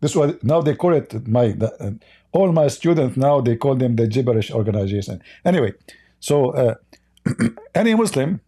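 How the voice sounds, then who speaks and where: A man's voice: medium pitch, lively intonation, moderate pace, warm tone, breathy edge. An aged man from the East, hosting a livestream in a sarcastic, mocking way. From Middle East. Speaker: livestream debate host. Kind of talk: casual livestream commentary.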